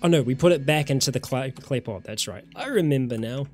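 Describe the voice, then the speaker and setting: A man's voice: mid-range voice, expressive, brisk, darkish tone, soft background music. A man from New Zealand with a New Zealand accent, casually commenting on a survival game during a live stream and chatting with viewers.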